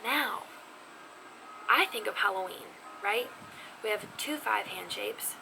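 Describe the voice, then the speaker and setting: A woman gives a casual sign language lesson from her home, teasing herself and sometimes dropping to a whisper. Her voice has a gravelly edge. The recording carries a steady layer of background noise. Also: medium pitch, slow pace. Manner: chatty, self-teasing, drops to whispers. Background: neighbor's music faintly heard.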